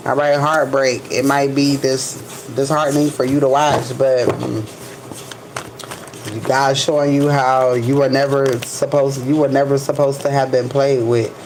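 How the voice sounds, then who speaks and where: A woman gives a casual tarot reading to camera in an extremely low voice with little pitch movement, against a noisy background. She says "all right" constantly and stretches out single keywords as she turns the cards.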